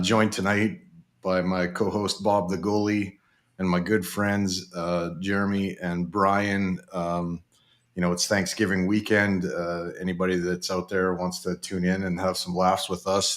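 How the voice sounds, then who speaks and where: A man hosting a hockey podcast in a relaxed, hesitant way, with many fillers. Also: low voice, unhurried. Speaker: podcast host. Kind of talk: casual podcast chat.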